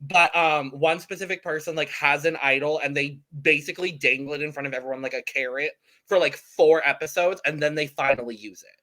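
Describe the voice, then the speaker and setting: A woman's voice: deep voice, steady tone, fairly quick, few pauses, a bit bright. A woman co-hosting a podcast, reacting expressively and emphatically in casual chat. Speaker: podcast co-host.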